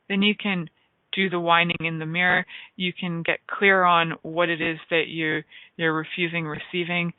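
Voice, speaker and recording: A woman with a lowish voice hosts a radio talk show alone, chatting playfully and rambling with lots of fillers. It's a dry recording heard over a tinny phone line.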